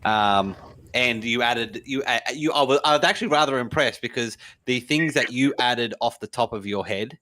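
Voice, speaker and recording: A man with a bright, forceful voice at a middling pitch, trading jabs on a casual podcast. He teases his partner and breaks into laughter often. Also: moderate pace. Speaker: podcast co-host.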